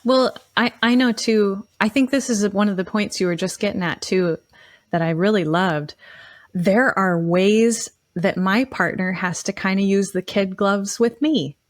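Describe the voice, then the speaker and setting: Animated woman, dry podcast mic. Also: medium pitch, measured pace, no room sound. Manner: animated, emphatic, playful, laughs easily. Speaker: relationship podcast co-host. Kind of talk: casual advice chat.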